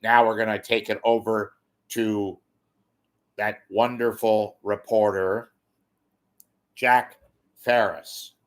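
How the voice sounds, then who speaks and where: A man's voice: lowish voice, little pitch movement, slow, pauses often. A man impersonating a chirpy male field reporter with repetitive, upbeat on-air patter.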